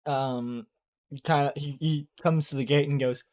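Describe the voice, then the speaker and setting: A game master describing the scene for the players. The delivery is halting and loose, with many fillers and self-corrections. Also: medium pitch, fairly even intonation, a little mellow. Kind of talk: tabletop game narration.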